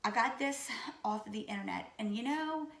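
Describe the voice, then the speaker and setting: A woman in her late thirties from Louisiana, with a Louisiana accent, who sounds raspy and sick, chatting casually and goofily to camera about herself. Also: a little high, normal speed, fairly bright tone, roomy sound. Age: 30s. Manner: goofy, chatty. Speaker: vlogger. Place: room at home.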